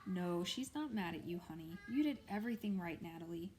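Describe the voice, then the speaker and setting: A woman voicing a worried, gentle father who speaks softly and soothingly, in a storybook reading. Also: fairly low pitch, animated, fairly quick, slight background noise, natural voice. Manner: soft, soothing.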